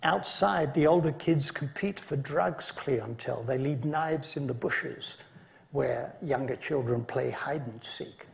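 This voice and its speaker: A man giving an academic conference lecture, measured in delivery and dropping dry asides between points. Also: medium pitch, gravelly. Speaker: conference speaker.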